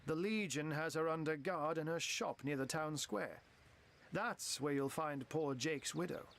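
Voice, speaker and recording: A punning cat-wizard. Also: male voice, a little high, a little slow, fairly bright tone, a little hiss or hum. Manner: flowery, playful, full of cat puns. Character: theatrical wizard who turns into a talking cat, male, witty and genteel. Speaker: game character.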